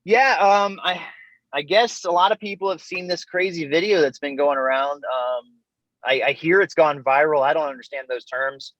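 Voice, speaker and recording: A man's voice: on the high side, moderate pace, a bit bright, no echo. A man who is a guest on a podcast, telling his story in an easygoing, chatty way and laughing often. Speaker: interview guest, Army veteran. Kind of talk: casual storytelling in an interview. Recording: dull, dry remote call audio.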